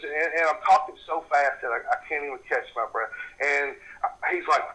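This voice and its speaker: A middle-aged man, a paranormal investigator recounting a personal story in an interview, animated and repeating words when worked up. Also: on the high side, fairly quick, rough recording.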